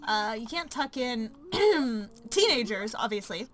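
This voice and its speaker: A woman's voice: fairly high pitch, big pitch swings, takes it slowly, a bit bright. A woman casually narrating her life-sim gameplay, chatty and full of ums and likes. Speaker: let's play narrator.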